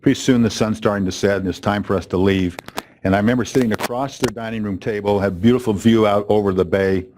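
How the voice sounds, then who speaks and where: A middle-aged man speaks quickly in a fairly low, steady, slightly mellow voice as he opens a training event with a storytelling keynote. He's conversational with the live audience, using fillers and correcting himself, over a faint hiss or hum.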